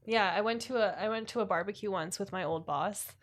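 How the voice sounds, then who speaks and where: Woman, casual podcast conversation, rambling filler-heavy anecdote, ordinary pitch. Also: fairly quick.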